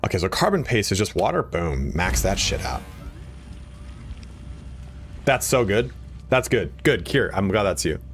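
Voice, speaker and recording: A man chatting casually while live-streaming a game, excitable and swearing, his voice jumping up high when he gets worked up. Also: measured pace, pauses often, faint music behind.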